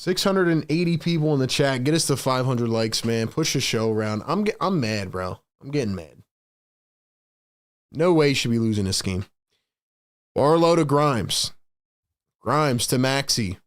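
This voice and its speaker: A man's voice: mid-range voice, normal speed, clean tone. A man doing live play-by-play for his own fan stream, calling the action and ranting in frustration between plays. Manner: sighs and rants between calls.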